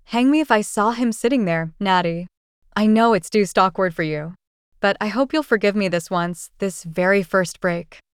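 A brash, self-assured young gentleman, cool and self-justifying, as a woman reads his lines. The voice is smooth and clear at a mid pitch. It is dry and close. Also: normal speed, no room sound, lightly acted. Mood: apologetic. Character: confident young man, frank and blustering.

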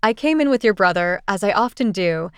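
A woman's voice: mid-range voice, expressive, brisk, smooth, no room sound, clean studio sound, natural voice. A woman voicing a brash confident young man. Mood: cool. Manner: cool, self-justifying.

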